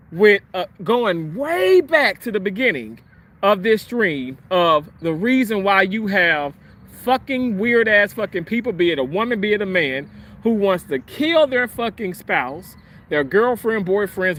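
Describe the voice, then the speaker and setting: A man's voice: high-pitched, fairly bright tone. A man hosting a livestream and ranting angrily, swearing heavily and repeating himself as he vents. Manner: profane, heated, repetitive. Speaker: livestream host. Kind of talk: angry livestream rant.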